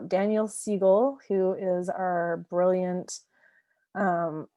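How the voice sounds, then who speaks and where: This woman, a parenting coach, teaches her lesson in a chatty style, tossing in "right?" and light laughter between points. Her mid-range voice has a darkish tone, captured in studio quality with no room sound.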